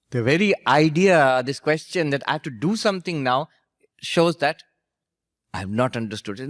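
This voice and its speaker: Monk guy lecturing with little stories, mid pitch, dry sound, chuckles a lot. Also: lively intonation, moderate pace, pauses often, no room sound. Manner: anecdotal, gently humorous, laughs at his own stories. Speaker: monk and spiritual teacher. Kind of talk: storytelling lecture.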